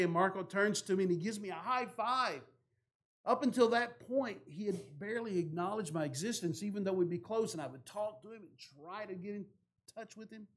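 A man, a pastor telling a story from the pulpit, growing louder and more animated in the dramatic parts. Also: high-pitched. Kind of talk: sermon storytelling.

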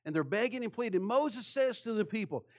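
A man delivering a sermon in a fairly high voice. He preaches with passion, throwing rhetorical questions at the congregation. His delivery swings between hushed, low phrases and loud ones. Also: expressive, fairly quick. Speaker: pastor.

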